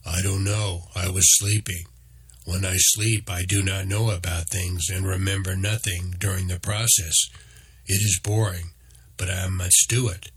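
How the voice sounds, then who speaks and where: A man voicing a huge, hungry male black bear who speaks in short, flat, declarative sentences in a deep voice. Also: measured pace, slightly rough, exaggerated voice. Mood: blunt.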